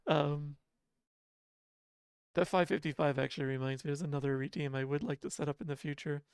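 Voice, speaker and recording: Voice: medium pitch, steady tone, a little fast, vocal fry, a little mellow, clear, resonant tone, dry recording, clean studio sound. A livestreamer chatting casually with viewers from home, laughing often and poking fun at themselves. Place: home apartment.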